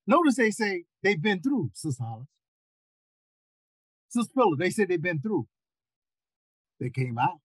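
An older man preaching a sermon over a video call, repeating words and rising into near-shouts. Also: sits high, no room sound, rough recording.

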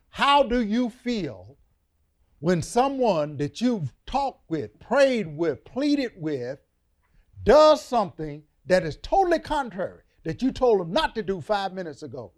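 A man preaching a Bible lesson to a congregation, dynamic and conversational, dropping quiet and then booming, with informal church vernacular. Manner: dynamic, call-and-response, drops soft then booms. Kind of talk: sermon.

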